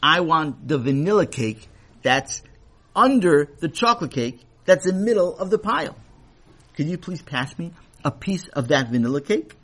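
A man's voice: fairly high pitch, sing-song, normal speed, fairly bright tone. A man voicing a polite, persistent young male Torah scholar in a children's story, with a coaxing, questioning manner.

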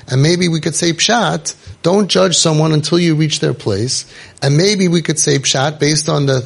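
Gravelly, husky middle-aged man. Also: on the high side. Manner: emphatic, storytelling, acts out quoted voices. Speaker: youth program founder and speaker. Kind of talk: informal inspirational talk.

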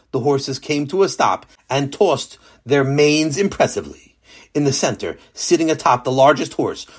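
A man narrating a children's story with a lesson at the end, lively and animated. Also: mid-range voice, slightly rough.

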